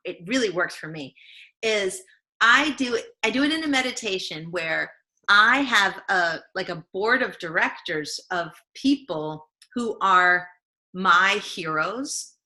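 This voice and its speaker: A woman's voice: mid-range voice, animated, measured pace, sharp tone. A woman lifestyle coach, a podcast guest, talking earnestly and reflectively, acting out the voices in her head. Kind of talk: conversational interview.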